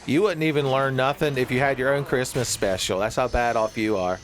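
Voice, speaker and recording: A horror-game streamer with a mid-range voice talks fairly quickly, rambling through jokes and often laughing at them himself.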